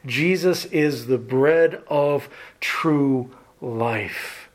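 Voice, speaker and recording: Male preacher, unhurried sermon delivery, soft trailing phrase endings, direct questions to the congregation. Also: mid-range voice. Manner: slow, deliberate preaching that trails off softly at phrase ends; asks the listeners direct questions.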